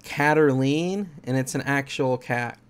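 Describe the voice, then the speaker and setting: A man's voice: mid-range voice, unhurried, clear, resonant tone. A man commenting on a game he plays, reading its dialogue aloud and joking about it. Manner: reads dialogue aloud in plain voices, jokey asides. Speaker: let's play gamer.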